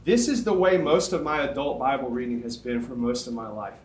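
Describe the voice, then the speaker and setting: A middle-aged man preaching as a youth pastor, animated and conversational, often checking in with "okay?". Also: mid-range voice, brisk. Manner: animated, conversational, self-deprecating, frequent "okay?". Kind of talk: sermon. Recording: echoey room.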